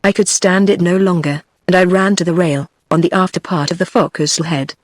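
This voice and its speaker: A woman's voice: on the low side, steady tone, brisk, no room sound, studio quality. A synthetic woman's voice with a British English accent reading an audiobook. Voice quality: synthetic, evenly paced machine voice. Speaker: audiobook narrator. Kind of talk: text-to-speech book reading.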